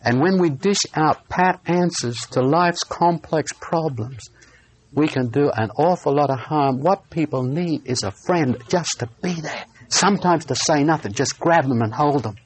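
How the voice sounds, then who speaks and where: Slightly high-voiced preacher man. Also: slight background noise. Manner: earnest storytelling with slowed emphatic phrases. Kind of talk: personal testimony sermon.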